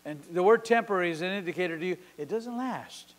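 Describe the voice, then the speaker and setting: A man in his sixties preaching a sermon at a church service. He tells a story with passion, swinging from sudden loud peaks to quiet drops. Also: high voice, expressive, fast. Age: 60s. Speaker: pastor. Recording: long hall reverb.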